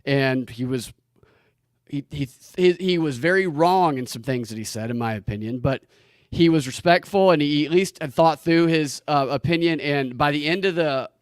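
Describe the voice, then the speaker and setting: A man's voice: a little high, moderate pace, smooth, no echo, studio quality. A man hosting a comedy podcast, joking wryly and laughing often in casual chat. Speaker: podcast host.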